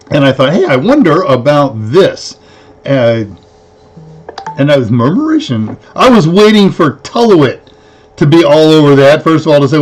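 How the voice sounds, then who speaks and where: Rambling, chatty male livestream host. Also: medium pitch. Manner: rambling and chatty, counts aloud and self-corrects. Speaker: host of a weekly tech livestream. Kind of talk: casual live-stream chat.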